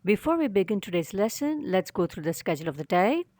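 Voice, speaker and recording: A woman's voice: mid-range voice, big pitch swings, quick pace, darkish tone, dry recording. Patient woman teacher, dry close sound. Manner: patient, explains step by step with rhetorical questions. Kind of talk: recorded video lesson for children.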